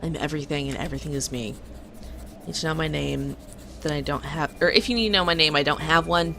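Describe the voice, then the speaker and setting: Solemn nature spirit from a game, low and even, read by a woman. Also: brisk, vocal fry, a little hiss or hum, full character voice. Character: ancient genderless forest spirit, calm and ominous.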